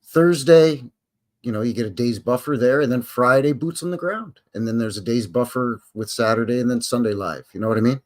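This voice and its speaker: A man's voice: mid-range voice, brisk. A man in his fifties hosting a casual live stream from home, chatting to viewers in a folksy, rambling way. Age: 50s.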